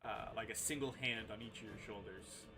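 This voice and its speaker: A man's voice: on the low side, fairly even intonation, fairly quick, over music. A man running a tabletop game as game master, narrating casually with frequent fillers.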